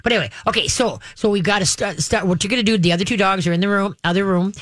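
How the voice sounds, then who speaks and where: A woman's voice: mid-range voice, racing, no echo. Woman, dog trainer host, direct coaching, keeps checking "okay?", dry sound. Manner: direct, instructive, acts out calm dog commands; frequent checks like "okay?" and "all right?". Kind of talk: casual advice to a caller.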